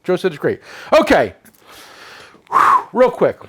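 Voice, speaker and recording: A man's voice: high-pitched, huge pitch swings, unhurried. A man hosting a casual tool shop chat, rambling and joking at his own expense. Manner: rambling, joking, self-mocking. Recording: noisy shop recording.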